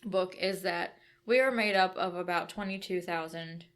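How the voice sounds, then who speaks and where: A woman's voice: fairly low pitch, moderate pace. A woman co-hosting a podcast, explaining a book's ideas step by step and checking in with "right?" as she goes. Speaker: podcast co-host. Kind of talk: conversational book discussion.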